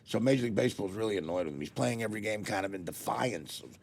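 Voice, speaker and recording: A man's voice: on the low side, animated, very fast, creaky, darkish tone, a little hiss or hum. A man hosting a talk show, joking and teasing his guest and laughing often. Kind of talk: casual talk-show banter.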